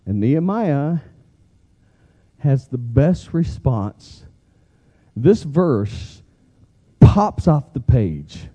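A man preaching a sermon, animated and emphatic, getting the congregation to repeat key phrases. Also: mid-range voice, drawn-out words, long pauses, dull audio. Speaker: pastor.

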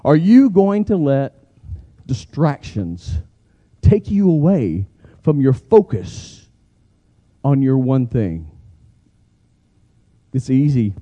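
A man preaching a sermon, animated and emphatic, getting the congregation to repeat key phrases. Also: mid-range voice, slow, long pauses, muffled recording. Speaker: pastor.

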